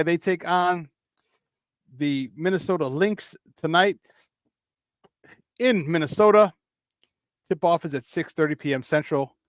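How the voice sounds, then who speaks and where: A male Chicago sports talk host with a Chicago accent, chatting animatedly on a live stream and calling out viewers in the chat. His voice sits fairly high for a man. The sound is dry and close, with no room echo. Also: measured pace, pauses often.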